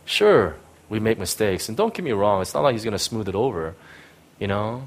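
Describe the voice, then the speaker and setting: A man preaching a sermon to a live congregation. He talks in a conversational way, asks "right?" often, and swings from loud emphasis down to hushed tenderness. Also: on the low side, big pitch swings, moderate pace. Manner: conversational asides, frequent "right?" and "you know". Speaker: pastor.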